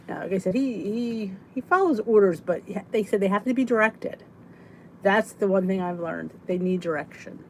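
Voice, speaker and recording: A middle-aged woman talks in a loose, joking way, drifting into hushed asides. She sounds sleepy and yawns between thoughts. A faint hiss sits under her voice. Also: medium pitch, expressive, brisk, poor audio. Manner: chatty, joking, breaks into laughs and soft whispered asides. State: sleepy, yawning. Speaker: host of a weight loss support chat. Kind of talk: casual live chat reading viewer comments.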